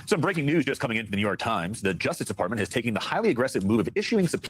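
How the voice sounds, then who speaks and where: A man's voice: medium pitch, sing-song, very fast, husky, no room sound. A man reading breaking news in an urgent manner. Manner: urgent newsreading. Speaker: news presenter.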